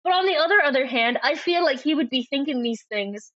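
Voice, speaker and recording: A woman podcast co-host in easy book-club chat, with a bright, slightly high voice. She laughs often between thoughts. Her audio is muffled and dry, like an old lo-fi remote line. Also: lively intonation, a little fast, no echo. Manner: chatty, laughing, reads passages aloud. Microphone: remote call microphone.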